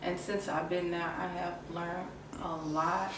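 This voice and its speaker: A woman's voice: lowish voice, level tone, unhurried. A woman introducing herself in a podcast chat, speaking with heartfelt emotion. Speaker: medical assistant and mother. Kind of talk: casual chat. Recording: very echoey room, distant mic, background noise.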